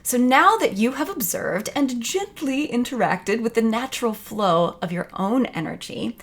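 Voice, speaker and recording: A woman's voice: on the high side, expressive, a little slow, breathy edge. A woman teaching a video lesson on creativity, talking in an enthusiastic, conversational way. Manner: enthusiastic, conversational, acts out quotes.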